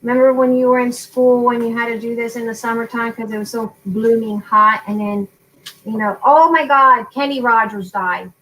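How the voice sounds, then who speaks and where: Chatty woman in her forties, high voice. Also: fairly even intonation, moderate pace, fairly bright tone, a little hiss or hum, rough recording. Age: 40s. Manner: chatty, laughs often, drifts off topic. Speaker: craft channel host. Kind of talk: casual livestream craft tutorial.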